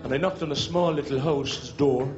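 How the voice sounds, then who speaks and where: A man's voice: mid-range voice, moderate pace. A man with a Dublin accent doing live stand-up, telling jokes as stories and breaking into snatches of song. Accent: Irish, Dublin. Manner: jokey storyteller, sings snatches of songs. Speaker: stand-up comedian. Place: stage before a live audience. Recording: dull live recording with music and audience.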